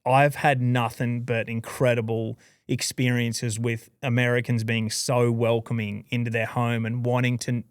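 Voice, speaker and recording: A man with an Australian accent recounting his journey as a podcast guest, casual and animated, leaning on "dude" and "like" as he goes. His voice is smooth and resonant, recorded close and dry with no room sound. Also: mid-range voice, measured pace, dry recording. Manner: lively, rambling storyteller, says "dude" and "like" a lot. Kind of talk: casual storytelling interview.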